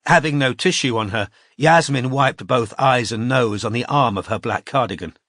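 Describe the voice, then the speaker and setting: A man reading a novel aloud as an audiobook narrator, in measured scripted narration. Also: mid-range voice, a bit bright, dry recording, studio quality.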